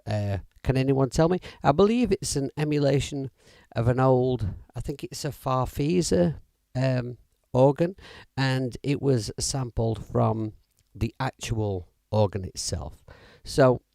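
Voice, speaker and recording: Gravelly, mellow-voiced man livestreaming. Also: mid-range voice, measured pace, no echo, studio quality. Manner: chatty, rambling, with fillers and self-corrections. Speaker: music app demo livestreamer. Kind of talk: casual live-stream demo. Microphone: audio interface mic.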